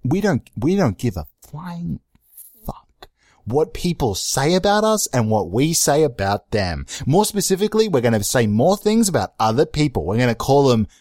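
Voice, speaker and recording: A man's voice: sing-song, moderate pace, darkish tone, dry recording, studio quality. Rambling, self-mocking young man podcasting. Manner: rambling, self-mocking, with many restarts and sudden jumps in pitch. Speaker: podcast host. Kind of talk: solo comedic podcast monologue.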